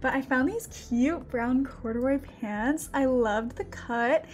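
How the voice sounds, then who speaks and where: A woman's voice: sits high, takes it slowly, slight background noise. A young woman from Texas, gushing in a bubbly, exclamation-filled way as she chats through a thrift-store vlog and voice-over. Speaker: thrift vlogger. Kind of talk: excited casual vlog chat and voice-over. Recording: music playing behind the voice.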